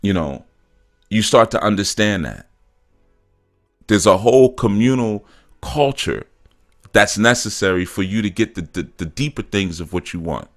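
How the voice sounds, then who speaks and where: A middle-aged spiritual teacher hosts his show in a casual monologue, his low voice lively in intonation at a moderate pace, pausing often over faint background music. He tells loose stories peppered with "man" and "you know," acting out quotes and growing emphatic at times.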